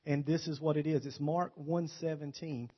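Man, sermon, folksy joking storyteller, slightly high voice, muffled lo-fi sound. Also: fairly even intonation, moderate pace, husky. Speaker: preacher. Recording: dull lo-fi recording.

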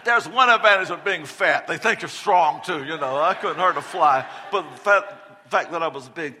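A middle-aged man preaching a sermon, telling a personal story loudly and animatedly, often laughing. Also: on the high side, moderate pace, big-room sound, slight background noise. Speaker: pastor.

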